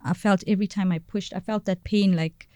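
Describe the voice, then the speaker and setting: A woman, a podcast guest telling a personal story in a halting way, searching for words and repeating phrases. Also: medium pitch, steady tone, a little mellow, dry recording, studio quality.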